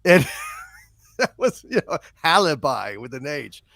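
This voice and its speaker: Man, podcast host, casual movie chat, gravelly voice, lively pitch. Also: slow, no room sound, clean studio sound. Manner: animated, chatty, laughs often.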